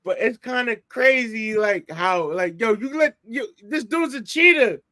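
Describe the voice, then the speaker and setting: Man, casual boxing chat, slangy, rambling, high voice, bright tone. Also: animated, measured pace, no room sound, clean studio sound. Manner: slangy, rambling, restarts a lot. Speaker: podcast co-host.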